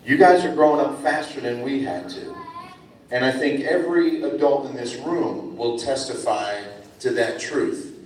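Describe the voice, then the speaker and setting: A middle-aged man from New Jersey giving a friendly, animated speech to students as a guest speaker at a school ceremony. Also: medium pitch. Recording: echoey hall from far off, faint ambience.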